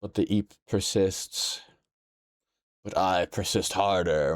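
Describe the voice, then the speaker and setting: A young man streaming a game, chatting casually, sleepy and yawning yet playful and quick to exclaim. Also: low-pitched, no room sound, clean studio sound. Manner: playful, animated, exclaims and laughs often. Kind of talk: casual live-stream chat while playing a game.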